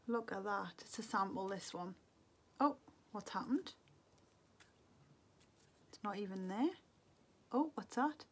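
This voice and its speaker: A woman's voice: mid-range voice, fairly bright tone. A middle-aged woman from England, chatting to camera as a beauty vlogger, muttering to herself in a wistful, casual way. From Northeast England.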